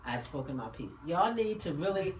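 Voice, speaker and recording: A passionate woman hosting talk radio, her voice fairly low and fervent. She speaks in a roomy studio, standing a bit back from the mic, with a faint hiss behind her. She presses her points like a sermon. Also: big pitch swings, a little mellow, far from the mic. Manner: passionate, preaching, fast-talking. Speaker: radio talk show host. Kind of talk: casual talk radio discussion.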